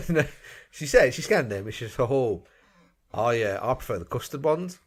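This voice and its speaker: A man's voice: mid-range voice, animated, moderate pace. A man co-hosting a podcast, telling rambling, self-mocking stories in casual chat. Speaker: podcast co-host.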